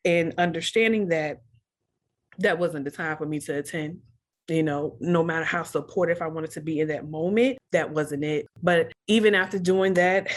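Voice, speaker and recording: A young woman with a slightly low voice tells her own story as an interview guest. She speaks earnestly and openly, and her words tumble and repeat when feelings run high. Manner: earnest, emotional, repeats phrases when stirred. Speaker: podcast guest. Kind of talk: candid personal storytelling.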